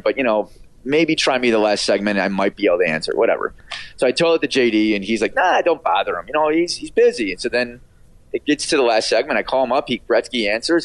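Middle-aged male radio producer, interview guest; rambling anecdotal delivery packed with fillers and quick impressions, mid pitch, dry sound. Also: no room sound. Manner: rambling, filler-heavy, acts out quoted voices. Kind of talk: casual storytelling interview.

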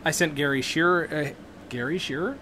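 A man's voice: a little high, a little fast, slight background noise. A drunk man hosting a podcast, rambling and giggling in casual chat. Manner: rambling, giggly, bright lively voice. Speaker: podcast host.

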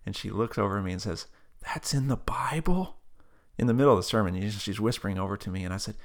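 Low, gravelly man telling his faith story. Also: steady tone, rapid-fire. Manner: earnest, conversational, with frequent "like" fillers. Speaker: interview guest. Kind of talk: personal faith story and spoken prayer.

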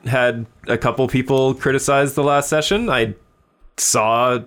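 A man's voice: mid-range voice, steady tone, measured pace, fairly bright tone. A man co-hosting a podcast, chatting casually with dry remarks. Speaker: podcast co-host. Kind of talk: casual chat.

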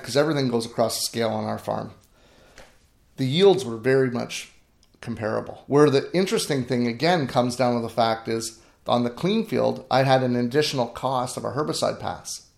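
A middle-aged grain farmer with a mid-range, darkish voice and vocal fry speaks briskly in an echoey room. Telling stories in an interview, he's earnest and emphatic, often restarting his sentences.

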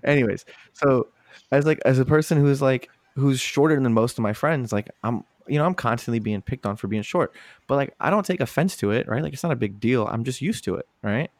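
A man's voice: medium pitch, fairly quick, no room sound. A man chatting on a podcast, telling stories with lots of swearing, laughter and put-on voices. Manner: animated, profane, laughing storyteller doing voices. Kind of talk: casual podcast chat.

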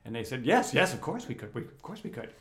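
A man's voice: medium pitch, big pitch swings, quick pace. A man casually telling a self-mocking anecdote, often laughing as he talks. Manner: self-mocking, laughs through his stories.

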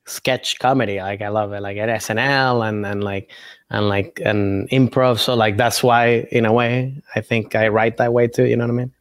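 A man's voice: lowish voice, steady tone, normal speed, dry recording. A man guest in a casual interview, rambling and restarting his thoughts as he explains his approach. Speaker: comedian guest.

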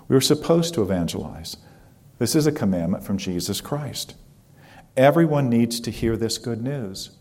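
A man's voice: fairly low pitch, warm tone. A man voicing a frightened devout prisoner woman praying. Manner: pleading, then preaching boldly.

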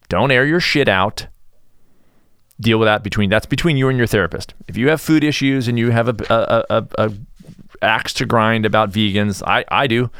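A middle-aged man talks bluntly in a casual solo podcast, telling his story with plenty of energy. His fairly low voice swings widely up and down. The sound is dry and close. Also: fairly bright tone, smooth, no echo. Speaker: podcast host. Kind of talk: casual monologue.

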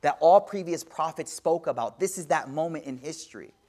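A man giving a sermon-style lecture as an Islamic teacher, swinging from hushed to loud, with slangy asides and rapid Arabic recitation. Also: fairly high pitch. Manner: slangy, addresses audience directly.

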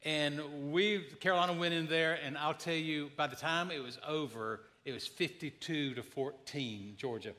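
A man's voice: a little high, normal speed, few pauses, sharp tone. A man in his fifties preaching a sermon, telling folksy, joking stories as the pastor.

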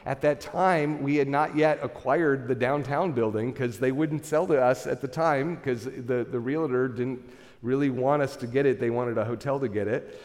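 A middle-aged man preaching a sermon, telling a story with an animated, self-deprecating manner and many restarts. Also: medium pitch, moderate pace. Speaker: pastor. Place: large church hall. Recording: reverberant church hall.

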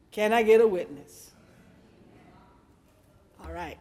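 A woman's voice: medium pitch, measured pace, pauses often, big-room sound. A woman pastor preaching a sermon in a church, telling a personal story and calling out to the congregation. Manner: animated, storytelling, calls out to the congregation. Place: church sanctuary.

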